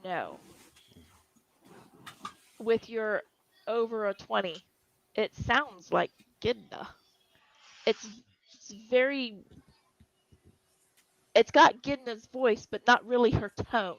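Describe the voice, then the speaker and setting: A woman's voice: a little high, slow, pauses often. A woman running a tabletop game as game master, narrating descriptively with fillers and restarts. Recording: dull, lo-fi dry recording.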